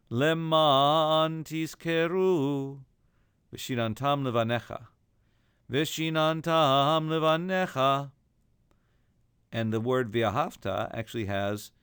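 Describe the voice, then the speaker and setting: A man's voice: fairly low pitch, dry recording. Man teaching chant in a dry close recording. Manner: alternates plain explanation with chanting. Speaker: cantillation teacher. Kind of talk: recorded lesson with chanted examples.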